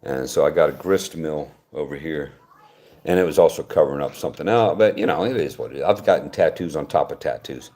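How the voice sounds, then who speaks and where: Older man, from West Virginia, deep voice, casual rambling livestream chat. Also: a little fast, mellow. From West Virginia, United States. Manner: rambling, conversational, frequent restarts. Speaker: channel host reading viewer comments.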